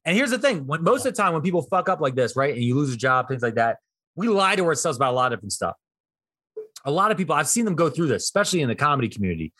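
A man in his thirties co-hosting a casual comedy podcast, telling bits in an animated way and jumping into high voices for characters. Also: racing, husky, no room sound, clean studio sound. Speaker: podcast co-host.

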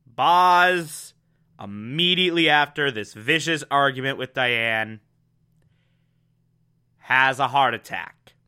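Guy doing a tv recap, bright clear voice, slow and emphatic. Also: mid-range voice. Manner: excitable, emphatic, laughs often. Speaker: TV show reviewer. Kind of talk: casual recap commentary.

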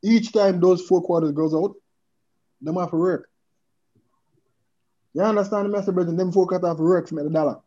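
Podcast guest, man, lively and earnest with patois, higher-pitched voice, muffled lo-fi audio. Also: a little fast, pauses often. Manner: animated, repeatedly checks in with the listener, mixes in patois. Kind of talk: casual chat. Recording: dull lo-fi sound.

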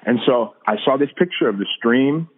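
Over a tinny, phone-like line, a man speaks earnestly as a podcast guest about hearing God, restarting often and using many fillers in this casual faith talk. His voice is mid-range and slightly rough, at a moderate pace.

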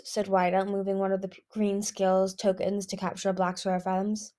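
A woman reading a fantasy novel aloud, narrating between the characters' lines and pausing now and then to fix small slips. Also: medium pitch, monotone, mellow. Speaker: audiobook reader.

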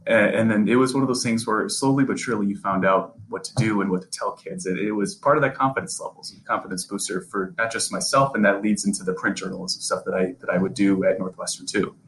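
A man's voice: fairly low pitch, steady tone, fast, few pauses, fairly bright tone, poor audio. A young man, a sports reporter, talking earnestly as a podcast guest, often repeating and restarting words. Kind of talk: casual interview conversation.

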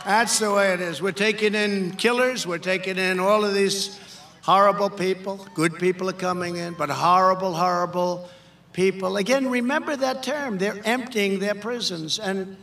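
An older man giving a political rally speech, emphatic and repetitive, often shouting. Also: high voice, normal speed, recorded from a distance. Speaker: political speaker.

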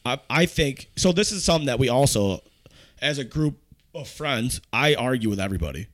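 A young man hosting a casual podcast with friends, loud, argumentative and full of swearing. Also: mid-range voice, expressive, a little fast, dry recording. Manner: boisterous, argumentative, swears a lot. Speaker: podcast host. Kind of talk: casual chat among friends. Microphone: podcast microphone.

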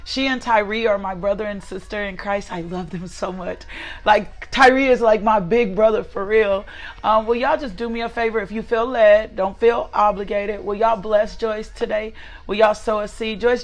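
An emphatic woman leads a live prayer devotional. Her voice sits in a middle register as she repeats lines of praise and greets viewers by name. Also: mid-range voice. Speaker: devotional host.

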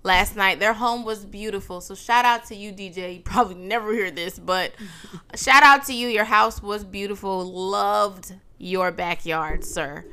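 A woman co-hosting a podcast, telling about her day in lively casual chat and quick to laugh. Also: mid-range voice, clean tone. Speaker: podcast co-host.

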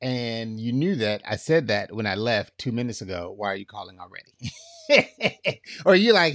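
A man's voice: on the low side, sing-song, moderate pace, fairly bright tone, no echo, clean studio sound. A man preaching a conversational sermon on relationships, often checking in with his listeners by asking "right?". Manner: casual, checks in with "right?", acts out quotes.

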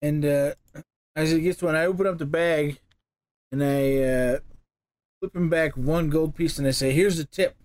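A man's voice: fairly high pitch, steady tone, moderate pace, long pauses, darkish tone, dry recording. A man playing a tabletop game, joking and teasing, and laughing often. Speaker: player.

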